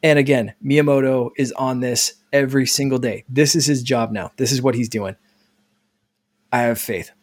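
A man's voice: medium pitch, steady tone, normal speed. A man co-hosting a gaming podcast, chatting casually in a rambling, hesitant way with sighs and fillers. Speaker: podcast co-host. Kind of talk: casual chat.

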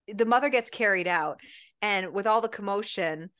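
A woman's voice: mid-range voice, unhurried, pauses often, fairly bright tone, dry recording, studio quality. A woman co-hosting a book club podcast in casual chat, recapping the plot with animation and acting out the characters' lines. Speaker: podcast co-host.

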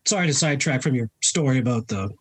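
A laid-back interviewer asks questions in an easy, meandering way, full of fillers and small restarts. The voice has a husky, slightly breathy edge and a middling pitch. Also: fast. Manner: relaxed, hesitant with fillers, laughs along. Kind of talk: casual interview chat.

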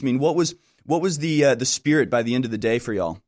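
A man's voice: mid-range voice, brisk, hardly any pauses, darkish tone. A man hosting a talk show, asking long rambling questions with emphasis. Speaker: show host.

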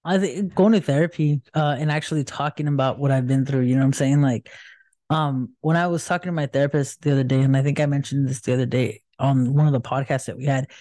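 Worn-out woman cohost, warm low-key voice, keeps saying you know what i mean. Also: steady tone, fast talker, no echo, studio quality. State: tired. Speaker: podcast co-host. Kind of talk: casual chat.

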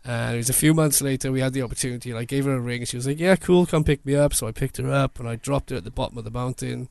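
A man, a photographer telling a lively story in casual chat and laughing often. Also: medium pitch, rapid-fire, gravelly, no room sound. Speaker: photographer guest.

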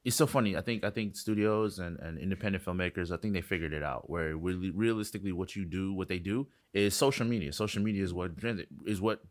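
A man from South Florida, a filmmaker guest telling excitable stories and acting out quotes in an interview. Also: sits low. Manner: fast, excitable storyteller, acts out quotes. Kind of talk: animated interview talk.

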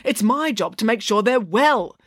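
A woman's voice: a little high, very animated, normal speed, a bit bright, no echo, clean studio sound, voice pushed up. A woman voicing a rude, sputtering middle-aged male doctor in an audiobook. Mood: indignant. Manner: curt and sputtering. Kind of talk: audiobook character voice.

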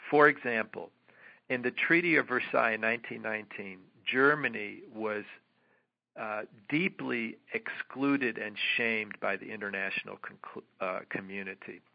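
A man being interviewed as a guest author, explaining at length in a halting way with many fillers and restarts. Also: lowish voice, gravelly. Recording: dull lo-fi audio.

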